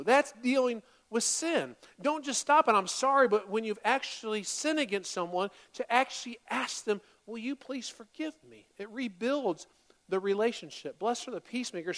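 A man delivers a sermon from the pulpit of a church, his voice sitting high for a man. He moves between plain teaching and animated, louder acted-out apologies as he makes his points. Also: normal speed, long reverb tail. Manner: animated, acts out quoted apologies in a raised voice. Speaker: pastor. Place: church sanctuary.

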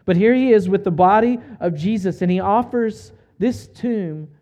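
A man preaching a sermon, retelling a story in an earnest, measured way with slow, emphatic pauses. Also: sits high, dark tone, lo-fi sound. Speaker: pastor.

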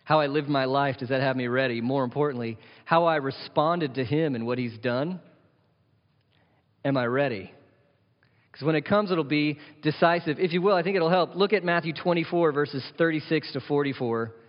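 Male pastor, earnest conversational sermon, somewhat high voice, muffled recording with long reverb. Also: normal speed. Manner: earnest, conversational preaching with rising emphasis. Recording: dull sound with long hall reverb.

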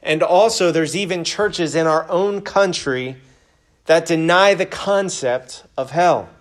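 A man delivers a sermon in a church at a deliberately slow, measured pace. His voice sits a little higher than most men's, and his delivery is earnest, moving between scripture readings and a prayer. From United States. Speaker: pastor.

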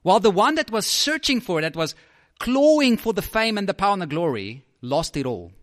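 A man preaching a sermon in a slightly high voice. He talks in an animated way, repeating words as he builds his points and often checking in with "right?". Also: brisk.

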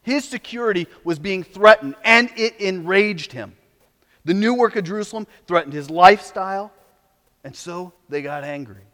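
A man preaching a sermon as pastor, animated, sometimes mocking the voices of opponents. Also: sits high, normal speed, in a large hall.

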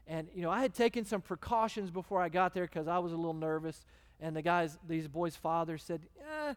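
A man, a guest preacher telling a story in a conversational, animated way. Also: on the high side, fairly quick, clean tone. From Texas. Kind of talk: sermon storytelling. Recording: long hall reverb.

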